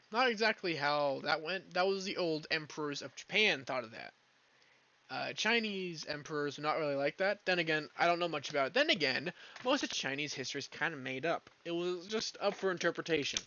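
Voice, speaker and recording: Male streamer, casual, swears a lot, drifts off mid-sentence, higher voice, muffled cheap-mic sound. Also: bright, forceful tone. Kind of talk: casual rant while gaming.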